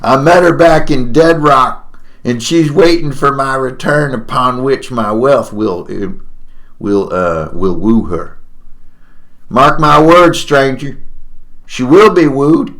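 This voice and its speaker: A man's voice: medium pitch, expressive, slow, fairly bright tone, pitched above the performer's own voice. A man voicing an undead old male prospector skeleton, boastful and menacing, with a folksy drawl. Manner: folksy drawl, calls people partner and stranger.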